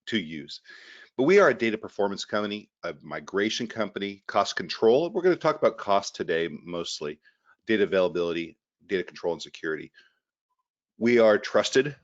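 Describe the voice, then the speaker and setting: A man giving an energetic webinar presentation over a video call, often repeating words as he goes. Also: deep voice, muffled recording. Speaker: guest presenter from a data company.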